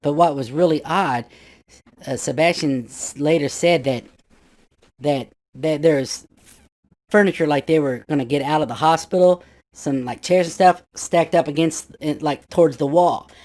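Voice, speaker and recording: A man's voice: on the high side, normal speed, a little mellow. A man in his fifties casually telling a ghost story from his youth, rambling with restarts and acting out his friends' voices.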